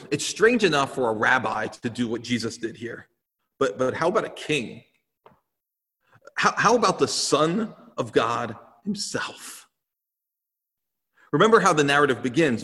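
A long hall reverb surrounds this clip of a man preaching earnestly and emphatically in a church sanctuary, circling back to repeated phrases. The pastor's voice is medium in pitch and a bit bright.

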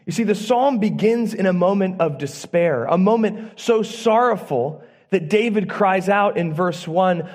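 A man preaching a sermon in church, earnest and emphatic, using dramatic pauses. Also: high-pitched, a little mellow. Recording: long church reverb.

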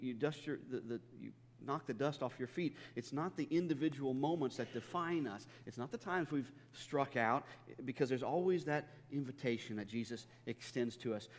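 Pastor preaching in a reverberant hall. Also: male voice, mid-range voice. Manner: storytelling with humor, frequent repeated words. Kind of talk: sermon.

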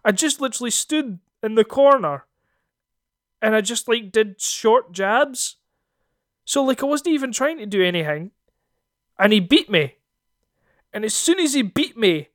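A young Scottish man on a podcast, telling a lively, sweary story and acting out the voices in it. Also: high voice, measured pace, pauses often, no echo, studio quality. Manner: animated, swearing, acts out voices in his stories. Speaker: podcast co-host. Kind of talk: casual storytelling chat.

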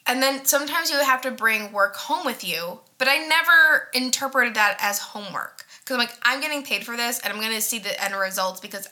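A woman in her twenties chatting casually as a podcast co-host, animated and self-mocking, full of fillers and swearing. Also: a little high, brisk, hardly any pauses. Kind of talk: casual chat.

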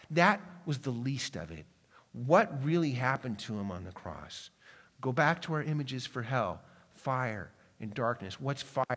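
A man preaching in a church hall, his fairly high voice carrying a long reverb. He surges through quick, urgent runs, then slows into hushed, weighty lines. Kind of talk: sermon.

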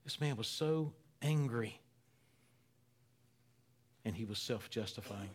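A man preaching a sermon, repeating phrases for emphasis and swinging between loud, emphatic lines and hushed near-whispers. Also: mid-range voice, slow pace, slightly rough. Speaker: pastor.

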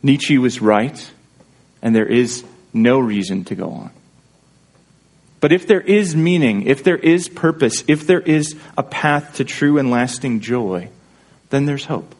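With an expressive, unhurried, mid-range voice and a darkish tone, a man preaches a sermon as a pastor. He speaks earnestly and conversationally, often engaging listeners with rhetorical questions.

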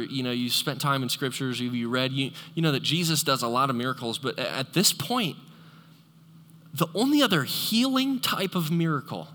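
A male pastor preaching a sermon in a church, animated and conversational, joking with the congregation. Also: fairly high pitch. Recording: long echoey hall reverb.

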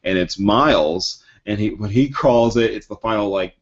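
On a podcast with muffled, lo-fi audio, a man who is an actor and writer chats casually and acts out comic scenes, using lots of fillers. His voice is on the low side and his speed is normal.

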